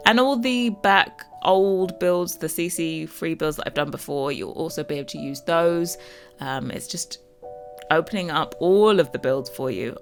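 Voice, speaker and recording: A woman with a London accent chatting casually to her viewers as a Sims builder, rambling with lots of fillers. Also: lowish voice. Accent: London English. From London, England.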